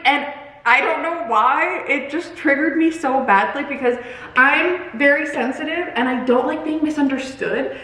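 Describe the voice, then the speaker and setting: A woman's voice: high voice, unhurried, sharp tone. Giggly woman vlogging in an echoey kitchen. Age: 30s. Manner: chatty, giggly, dramatic. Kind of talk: casual chat. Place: home kitchen.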